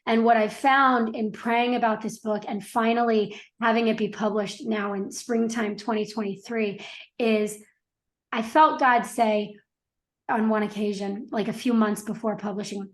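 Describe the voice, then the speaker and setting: A woman's voice: a little high, fairly even intonation, unhurried. A middle-aged woman guest on a podcast, telling her story in an earnest, reflective way with frequent restarts. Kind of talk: casual interview conversation.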